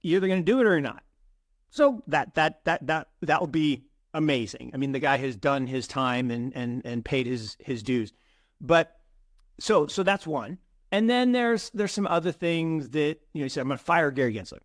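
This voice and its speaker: A middle-aged man co-hosting an investing show, chatting in an animated way with many restarts and repeated words. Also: fairly high pitch, moderate pace, dry recording, studio quality. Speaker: co-host of a crypto investing show. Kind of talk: casual conversational commentary.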